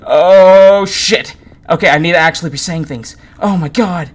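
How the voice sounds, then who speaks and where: A man's voice: on the high side, moderate pace. A man commenting on his own horror game playthrough, jumpy and panicky, swearing and muttering to himself. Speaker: gaming YouTuber.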